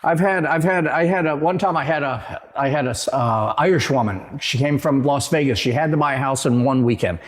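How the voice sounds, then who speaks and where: A man, a real estate agent and guest, telling stories in a rambling way with halting restarts, from Florida. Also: mid-range voice. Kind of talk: casual storytelling.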